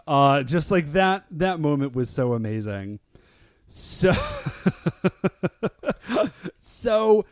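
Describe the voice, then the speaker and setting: A male podcast co-host in a casual recap chat, excitable and full of "like" fillers. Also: on the high side, no room sound, studio quality. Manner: excitable, filler-heavy with lots of "like".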